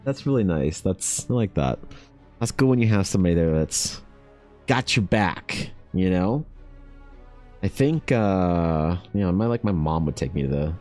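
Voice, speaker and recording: A man's voice: deep voice, expressive, a little slow, darkish tone, soft background music. A man in his thirties, an artist chatting casually with viewers while drawing, laid-back and rambling, laughing often and calling people dude. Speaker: artist livestreaming.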